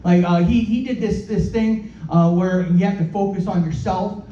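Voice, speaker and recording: A man doing a stand-up comedy set in a comedy club. He talks in halting, self-deprecating bursts and repeats his words often. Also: high voice, fairly even intonation, mellow, a little hiss or hum. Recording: roomy, dull club recording from a distance.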